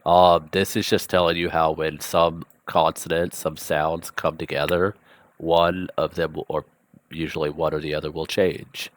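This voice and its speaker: A man giving a relaxed vocabulary and grammar lesson, thinking aloud with frequent ums and asides. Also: a bass voice, measured pace. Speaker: language teacher.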